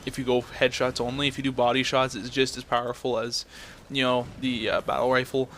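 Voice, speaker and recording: A man's voice: medium pitch, level tone, fairly quick, fairly bright tone, slight background noise. A young man ranting in a blunt, profane way, telling a story and then commenting on his game footage. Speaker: gameplay commentator.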